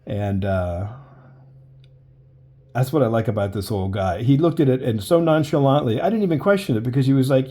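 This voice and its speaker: A man's voice: medium pitch, lively intonation, normal speed, warm tone. Jokey man rambling while sketching. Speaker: artist sketching live. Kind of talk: casual commentary while drawing.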